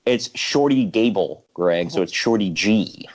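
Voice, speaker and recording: A man with a fairly low voice co-hosts a casual wrestling podcast. He rants in a loose, jokey way and keeps dropping into mocking voices to quote people. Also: animated, measured pace. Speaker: podcast co-host.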